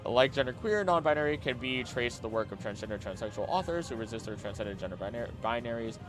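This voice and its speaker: A man streaming casually, skimming text aloud quickly with mumbled filler and breaking into loud, heated rants. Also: medium pitch, expressive, over music. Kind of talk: casual live-stream chat, reading aloud.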